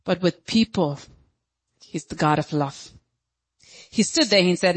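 A woman's voice: deep voice, moderate pace, long pauses, husky. A woman pastor preaching a sermon in an emphatic, dramatic way, often acting out quotes.

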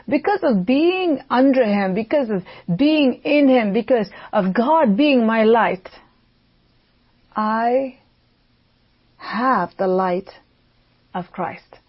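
A woman preaching a devotional sermon, slow and emphatic, repeating key phrases for weight. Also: medium pitch, husky. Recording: dull lo-fi audio.

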